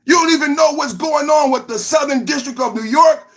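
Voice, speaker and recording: A man's voice: very high-pitched, brisk, fairly bright tone. A male podcast host ranting combatively on a live reaction stream, firing rhetorical questions and reading out chat comments.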